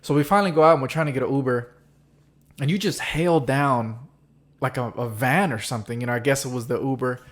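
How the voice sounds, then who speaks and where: A man's voice: mid-range voice, brisk. A man hosting a casual podcast chat, telling stories animatedly and acting out quoted voices. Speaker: podcast host. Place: San Diego.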